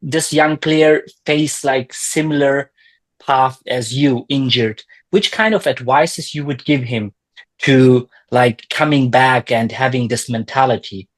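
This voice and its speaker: A male podcast host asks his guest a question slowly, pausing and searching for his words. His voice sits at an ordinary middle pitch. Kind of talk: casual interview questions.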